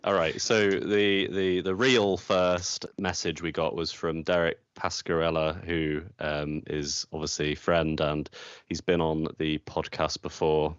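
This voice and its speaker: Male co-host, very deep, smooth voice, dry lo-fi audio. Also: no room sound. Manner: relaxed, introducing listener clips. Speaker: podcast co-host. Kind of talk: casual chat.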